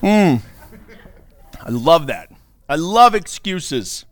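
A male pastor preaching with a bright, high voice that swings widely as he jokes. He is sarcastic and laughs often, and the sound is close and dry with no room echo. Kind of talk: sermon.

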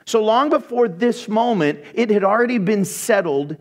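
A man preaching a sermon, reading scripture and retelling it in a conversational, animated way with playful asides. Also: high voice, moderate pace.

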